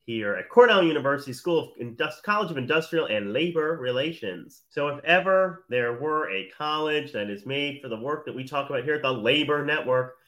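A man in his thirties hosts a live morning talk show in a loose, rambling monologue. He teases, laughs often, and his voice has a bright, forward edge at an ordinary male pitch. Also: expressive, brisk, few pauses. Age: 30s.

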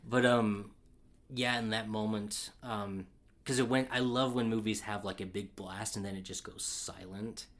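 A man co-hosting a casual film chat, excitable and rambling, with lots of fillers and restarts. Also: lowish voice, measured pace. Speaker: podcast co-host.

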